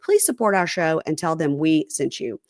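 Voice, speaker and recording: A woman's voice: deep voice, animated, moderate pace, dry recording, studio quality. A woman hosting a casual reality TV podcast, reading an ad and chatting playfully to listeners. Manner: chatty, playful, addresses listeners as "you guys". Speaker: podcast host. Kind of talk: casual reality TV podcast chat and host-read ad.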